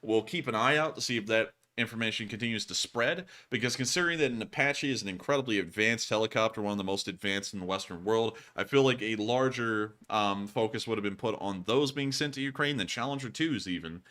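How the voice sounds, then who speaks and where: A man's voice: fairly low pitch, brisk, few pauses, bright, forceful tone. A man hosting a casual livestream, thanking donors in a rambling, chatty way and laughing often. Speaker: livestream host. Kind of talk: casual livestream chat reading donations.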